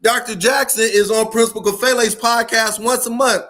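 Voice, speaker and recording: In a live-streamed motivational talk, a podcast host and school leadership speaker preaches to his audience, slangy and fiery, repeating himself for emphasis. His voice is extremely high and sharp, with fairly even intonation at a normal speed.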